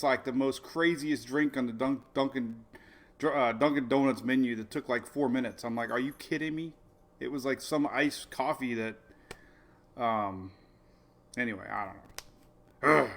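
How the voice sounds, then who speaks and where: A middle-aged man hosting a casual weather livestream, rambling excitedly and laughing often. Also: mid-range voice, normal speed, vocal fry, long pauses. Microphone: phone or webcam on a live video stream.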